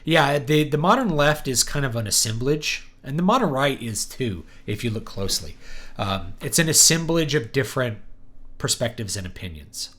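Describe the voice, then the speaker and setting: A man hosting a writing livestream, answering chat questions in a halting, thinking-aloud way with many pauses. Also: mid-range voice, sing-song, fairly bright tone.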